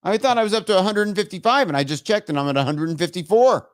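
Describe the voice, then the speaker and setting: A man's voice: high-pitched, fast, clear, resonant tone, dry recording, clean studio sound. A man hosting a live show, chatting casually and getting exasperated and laughing at his own tech troubles. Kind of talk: casual live-stream chat.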